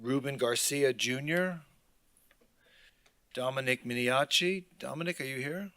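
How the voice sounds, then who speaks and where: A man's voice: medium pitch, a little slow, sharp tone, no room sound. A man chairing a public meeting who calls out speakers' names unhurriedly, with dry asides.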